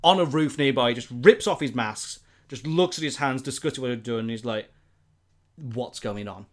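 A man's voice: mid-range voice, a little fast. A man, casually and animatedly retelling a film plot, rambling with lots of fillers.

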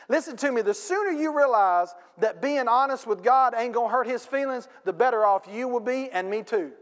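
High-voiced preaching man in a reverberant hall. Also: animated, brisk, few pauses. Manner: folksy preaching with casual grammar; emphatic, rising to loud peaks. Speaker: pastor. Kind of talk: sermon. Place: church sanctuary. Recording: long church hall reverb.

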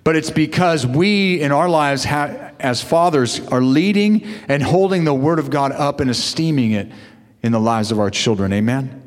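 A man's voice: fairly high pitch, normal speed. A male pastor preaching a sermon to fathers, with call-and-response asides to his congregation. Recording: long hall reverb.

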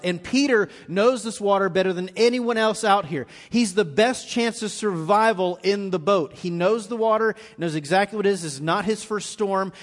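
High-voiced pastor preaching in a big hall. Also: male voice. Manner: storytelling, acts out quotes with rising intensity. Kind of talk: sermon. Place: church auditorium. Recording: live in a reverberant hall.

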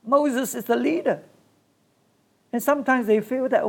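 A preacher with a gravelly, creaky voice delivers a sermon from start to finish. The delivery is emphatic and comes in short bursts, with key phrases repeated for weight. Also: medium pitch, a little slow.

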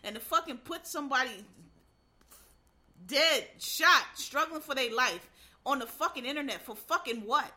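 A woman's voice: high-pitched, moderate pace, pushed and bright. A woman from Philadelphia, ranting in a blunt, profane, heated way in casual commentary.

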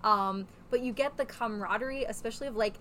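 A woman's voice: fairly high pitch, fast, a bit bright, a little hiss or hum. A woman who organizes a comic convention, chatting casually on a podcast with frequent "like" fillers.

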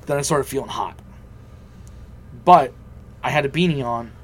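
A man's voice: mid-range voice, moderate pace, breathy edge. A young man telling a personal story in casual chat, swearing freely and acting out what others said. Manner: profane, animated, acts out quoted voices.

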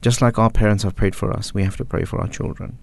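A man on a discussion panel speaking in a reflective, philosophical and measured way. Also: lowish voice, fairly even intonation, gravelly, no echo. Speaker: panel guest.

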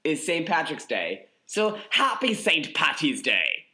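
A playful, goofy man co-hosting a comedy podcast, his pitch bouncing around a lot. He chats casually and riffs on small bits. His voice sits a little high for a man. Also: huge pitch swings, slow, sharp tone. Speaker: podcast co-host.

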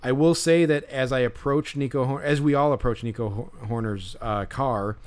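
A young man with a medium-pitched voice talks at normal speed as he hosts a podcast. His storytelling is casual and rambling, packed with fillers and restarts, and he laughs along.

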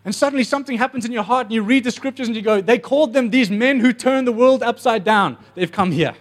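A male preacher, his voice sitting high for a man. He tells stories with animated energy and throws himself into the voices of the people in them. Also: quick pace. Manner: animated storytelling, acting out voices. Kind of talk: sermon.

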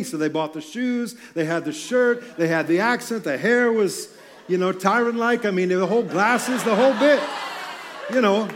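A man's voice: sits high, moderate pace, noisy background. A man preaching a sermon on stage in a church, talking in a loose, conversational way with joking asides. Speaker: pastor.

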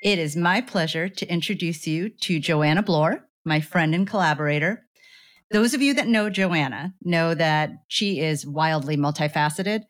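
A woman co-hosting a podcast, introducing a guest in a measured, deliberate way. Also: fairly low pitch. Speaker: podcast co-host. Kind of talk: reading an introduction.

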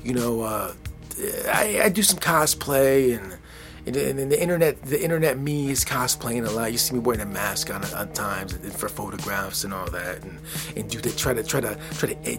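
A man's voice: mid-range voice, moderate pace, music in the background. Tired, rambling man podcasting at bedtime. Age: 40s. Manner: rambling, earnest, repeats words often. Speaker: podcast host. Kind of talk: casual solo podcast talk. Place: at home, relaxed. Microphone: podcast microphone.

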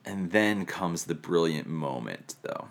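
Deep-voiced male preacher. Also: animated, slow pace, creaky. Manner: reflective, lightly humorous teaching. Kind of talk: sermon on scripture.

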